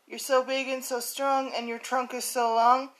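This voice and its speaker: A woman's voice: sits high, little pitch movement, normal speed, a bit bright, low-quality recording. A woman voicing an alarmed buffalo begging the elephant not to sneeze, in bouncy rhyming lines. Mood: pleading.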